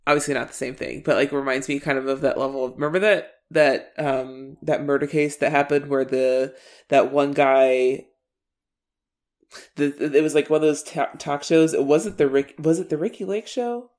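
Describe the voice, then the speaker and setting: Rambling podcast co-host, mid-pitched voice. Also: fairly even intonation, moderate pace, darkish tone. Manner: rambling, restarts sentences, swears. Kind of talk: casual recap chat.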